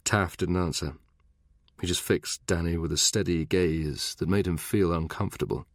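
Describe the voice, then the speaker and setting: Deep-voiced man narrating an audiobook. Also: steady tone, moderate pace, dry recording, clean studio sound. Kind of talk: scripted narration.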